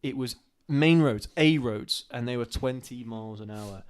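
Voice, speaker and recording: A man co-hosting a live chat show, talking in a rambling, easygoing way. He restarts his sentences often and his voice lifts and speeds up as he gets worked up. His pitch sits in the middle range for a man. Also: moderate pace, clean tone. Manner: rambling, animated when ranting, laughs easily. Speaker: co-host. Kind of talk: casual live-stream chat.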